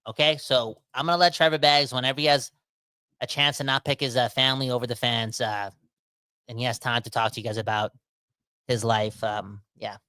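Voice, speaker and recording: Rambling podcast host, bright dry voice. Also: male voice, medium pitch, brisk, smooth, no echo. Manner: rambling, self-interrupting, animated. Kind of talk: casual sports podcast talk.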